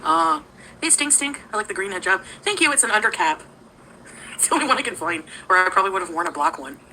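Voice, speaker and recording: A woman's voice: medium pitch, lively intonation, quick pace, pushed and bright, slight background noise, rough recording. A woman talking casually on a livestream, greeting viewers by name and giggling often.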